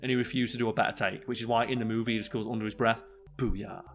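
A man's voice: mid-range voice, level tone, rapid-fire, heavy background noise. A young man, co-host of a casual podcast, who rambles with many fillers and restarts. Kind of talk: casual chat.

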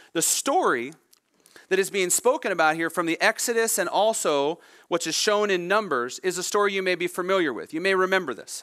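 A male pastor preaching a sermon, expressive, voicing the people in the story as he goes. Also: fairly high pitch. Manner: expressive preaching with dramatic voiced quotes.

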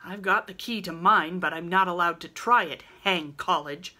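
A woman reading aloud, voicing an excitable, impatient teenage boy who talks in emphatic outbursts. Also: on the low side, normal speed. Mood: impassioned.

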